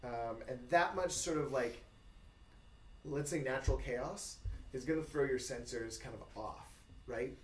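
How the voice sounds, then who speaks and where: A man's voice: mid-range voice, a little slow. A man running a tabletop game as game master, talking loosely with many fillers and restarts. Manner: rambling, many fillers, laughs often. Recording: echoey room, mic far off, faint noise.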